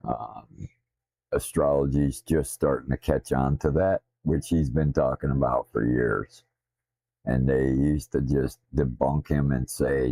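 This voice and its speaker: A man with a Southern drawl, a streamer talking casually in a blunt, profane, self-deprecating way, his deep voice slightly slurred from missing teeth. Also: flat delivery, measured pace, mellow. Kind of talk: casual rambling stream talk. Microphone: desktop streaming mic.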